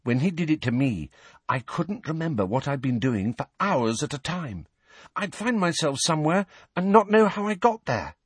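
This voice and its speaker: A man's voice: on the high side, sing-song, normal speed, husky, no room sound, voice pushed up. A man reading an audiobook and voicing a blunt, matter-of-fact teenage girl.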